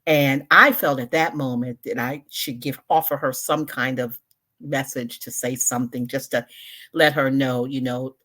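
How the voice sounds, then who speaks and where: Guest: woman in her sixties, low voice, thoughtful and emphatic. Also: a bit bright. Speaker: guest, social media word educator. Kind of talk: conversational interview.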